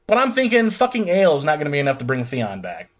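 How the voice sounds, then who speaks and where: A man's voice: a little high, lo-fi sound. Profane man recapping a show. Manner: profane, animated, paraphrases characters in quick asides. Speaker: podcast co-host recapping a TV episode. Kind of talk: casual recap chat.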